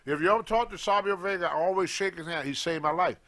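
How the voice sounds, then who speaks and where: A man telling a story in casual talk, animated and acting out the voices of the people in it, with loose grammar. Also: high voice, fast talker. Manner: animated, acts out others' voices in his stories, loose grammar. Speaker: guest storyteller, former wrestler.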